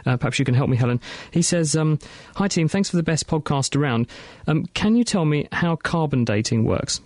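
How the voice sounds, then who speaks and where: A man co-hosting a science radio show, reading out listener emails and explaining answers in a brisk, chatty way. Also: a little high, expressive, a little mellow, dry recording, clean studio sound.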